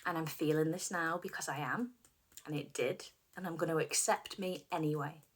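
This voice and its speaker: A middle-aged woman leading a guided tapping session, speaking slow repeat-after-me phrases and dropping some of them to a whisper. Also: deep voice. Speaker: tapping practitioner.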